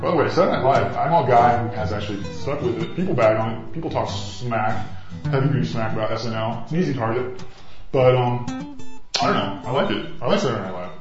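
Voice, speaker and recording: A man's voice: mid-range voice, fast talker. A man hosting a podcast in loose, rambling casual chat, swearing and chuckling. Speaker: podcast host. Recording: echoey room, dull sound, faint guitar music.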